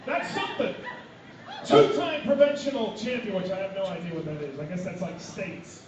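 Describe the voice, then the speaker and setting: High-voiced joking man emceeing. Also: lively intonation, moderate pace, background noise. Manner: joking, teasing, announcer-style build-ups. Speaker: event emcee and colour commentator. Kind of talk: comic emcee banter at a live event. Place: large echoey event hall with guests. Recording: echoey, lo-fi, distant phone video.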